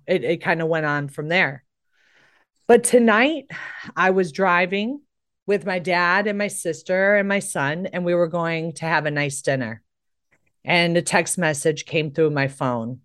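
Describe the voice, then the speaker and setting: Middle-aged american lady hosting a talk show, fairly low voice, earnest and emphatic. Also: clear, resonant tone. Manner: earnest, emphatic, rising with emotion. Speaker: host. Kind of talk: impassioned talk show monologue.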